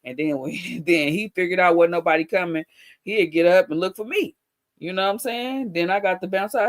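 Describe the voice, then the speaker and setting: A woman's voice: lowish voice, lively intonation, fairly quick, no room sound, clean studio sound. A middle-aged woman chatting casually on a livestream, telling stories about raising her son in a blunt, profane, laughing way. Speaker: livestream host.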